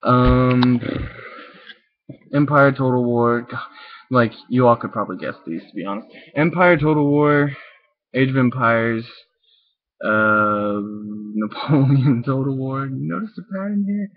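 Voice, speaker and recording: A man's voice: medium pitch, animated, normal speed. A young man answering viewer questions in a loose, rambling chat full of fillers and little chuckles, talking into his webcam. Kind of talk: casual chat. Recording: tinny lo-fi webcam audio.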